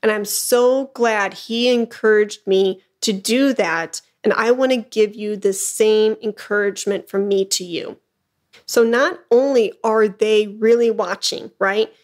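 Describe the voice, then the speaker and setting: This woman runs her own podcast as a flute business coach, giving motivational solo talk in an encouraging, emphatic way and often asking "okay?" to check in. Her voice sits mid-range and moves a little slowly.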